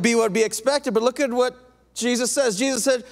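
A high-voiced male pastor delivers a lively sermon. He slips into quoted voices as he preaches. His voice rings out with a long reverb from a large church hall. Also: fairly quick. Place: church auditorium.

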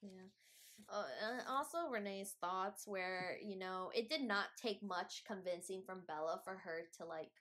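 A woman's voice: medium pitch, a bit bright. Rambling young woman podcast co-host. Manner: rambling, restarts, fast bursts, mild cursing. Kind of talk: casual chat.

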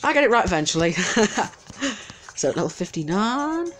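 Man, let's play commentary, very animated intonation, chatty, easily distracted, faint game music behind. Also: high voice, normal speed. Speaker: gameplay commentator.

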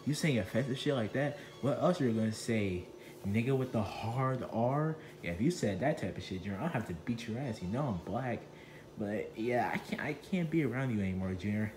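A man voicing a sly, grudge-holding adult chef puppet with a low, deadpan delivery in a crude comedy skit. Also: brisk, noisy background, close to an everyday voice. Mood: smug.

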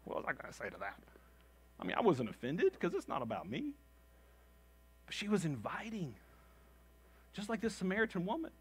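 A pastor preaching with a high, bright voice. He is animated and drives his points home by repeating short phrases. He also acts out the people in his stories. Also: fairly quick, long pauses, slightly rough. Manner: calls the congregation "gang". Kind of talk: sermon.

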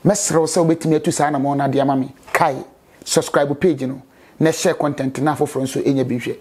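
Calm host closing the show. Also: medium pitch, very fast, breathy edge. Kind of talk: casual closing remarks to viewers.

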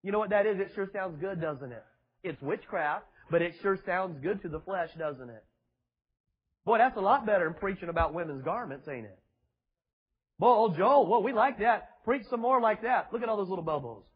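A man's voice: sits high, animated, moderate pace, slightly rough, lo-fi sound. A male preacher, preaching a sermon in a mocking, sarcastic way with emphatic repetition, in a church with children present.

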